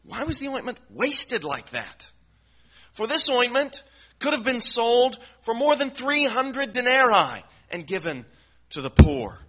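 A man doing shrill indignant scolding critics. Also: brisk, sharp tone. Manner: high, incredulous scolding. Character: indignant scolding male onlookers, grown men.

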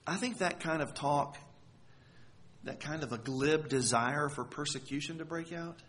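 A man's voice: a little high, unhurried, fairly bright tone. A man preaching a sermon, earnest and emphatic, leaning hard on key words. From United States.

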